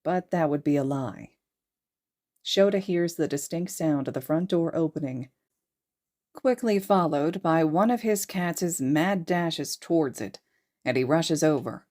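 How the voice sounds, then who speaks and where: A woman narrating a fan fiction podfic with steady storytelling. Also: sits low, measured pace. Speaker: podfic reader.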